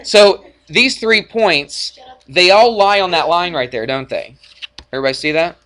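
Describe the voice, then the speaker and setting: A male math teacher lecturing a class in a classroom, energetic and jokey, often checking in with the students. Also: sits high, moderate pace. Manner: energetic, jokey, asks frequent check-in questions.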